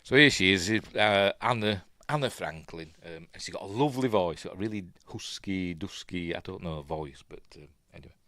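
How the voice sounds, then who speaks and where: A man's voice: low-pitched, expressive, moderate pace, few pauses, sharp tone, dry recording, clean studio sound. A man with a Yorkshire accent casually commenting on a film as he watches it, rambling with many ums and restarts. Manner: plays out the characters' lines in quotes. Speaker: film review host.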